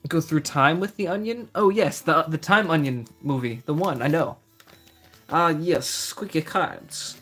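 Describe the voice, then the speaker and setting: A young man with a slightly high voice chats casually through a live stream, reading out the cards he pulls one by one and replying to viewers. Faint music plays quietly underneath. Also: normal speed, few pauses. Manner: chatty, reads out card names, answers chat. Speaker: streamer opening trading card packs.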